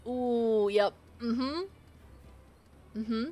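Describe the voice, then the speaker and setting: A woman's voice: on the high side, fairly even intonation, dark tone. A young woman streaming a game, chatting casually in a playful, teasing way. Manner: playful, teasing, quick to laugh. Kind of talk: casual gaming chat.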